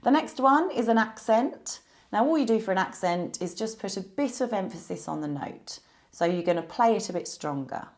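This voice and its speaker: A woman teaching a beginner piano lesson, explaining musical symbols patiently and clearly. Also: medium pitch, expressive, moderate pace.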